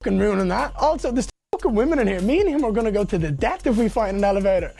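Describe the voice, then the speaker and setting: A man telling a fast, profane anecdote in an interview. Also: sits high, expressive, vocal fry, warm tone.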